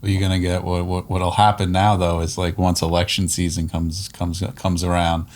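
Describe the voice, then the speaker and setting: A man with a very deep and flat voice co-hosts a casual podcast. He thinks out loud and restarts his sentences as he goes. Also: moderate pace. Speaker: podcast co-host.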